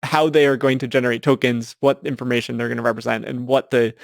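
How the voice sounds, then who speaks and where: Gravelly matter-of-fact man. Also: medium pitch, little pitch movement, quick pace, no room sound, clean studio sound. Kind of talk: casual discussion.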